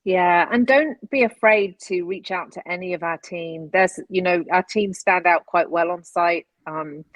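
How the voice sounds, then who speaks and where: A woman's voice: fairly low pitch, measured pace, no room sound. A woman guest from the conference team, speaking friendly and encouraging on a podcast. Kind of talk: casual podcast conversation.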